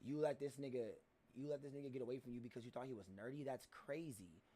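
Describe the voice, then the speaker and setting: A young man hosting a casual chat show, loud and profane, cutting in often. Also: mid-range voice, fast, slightly rough. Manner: loud, profane, interrupts, laughs. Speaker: podcast host.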